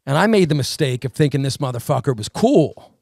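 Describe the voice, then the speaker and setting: Gravelly man telling a wild story. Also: mid-range voice, fairly quick, dry recording, studio quality. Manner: animated storyteller, acts out voices in quotes. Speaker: podcast co-host. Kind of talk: casual storytelling chat.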